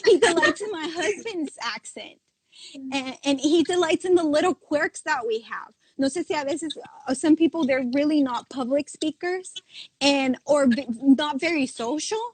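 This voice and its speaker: A woman's voice: sits high, animated, moderate pace, a little mellow, low-quality recording. A woman, a guest on a video call, talking earnestly about faith. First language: Spanish. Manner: code-switches, earnest, laughs. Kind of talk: casual chat about faith.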